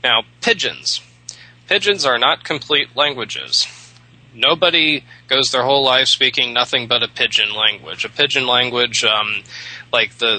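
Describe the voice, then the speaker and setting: A man hosting an internet radio show, explaining a topic in a loose, casual way and filling his pauses with "um" and "uh". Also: mid-range voice, pushed and bright, low-quality recording. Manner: hesitant, many fillers and restarts.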